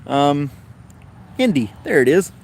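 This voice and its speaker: A man's voice: a little high, very animated, slow, a little mellow, slight background noise. A man with a Tennessee accent hosting a casual livestream chat, rambling along in an easygoing way. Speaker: host.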